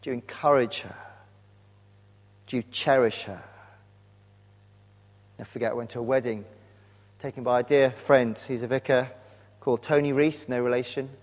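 A man's voice: medium pitch, fairly even intonation, moderate pace, pauses often. Earnest male preacher in a reverberant hall. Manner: earnest, direct questions to the congregation. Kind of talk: sermon. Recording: long reverb of a large hall.

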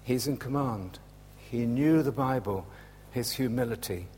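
A man preaching a sermon in a church, slow and animated, dropping to a hush and rising again. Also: mid-range voice, a little hiss or hum. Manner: slow, animated, swings from loud to hushed. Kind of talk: Palm Sunday sermon. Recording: echoey church hall with long reverb.

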